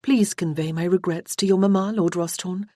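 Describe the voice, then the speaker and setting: A woman's voice: fairly low pitch, steady tone, moderate pace, warm tone, dry recording, studio quality, lightly acted. A woman voicing a playful, mischievous noblewoman in an audiobook. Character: Judith, mischievous married noblewoman.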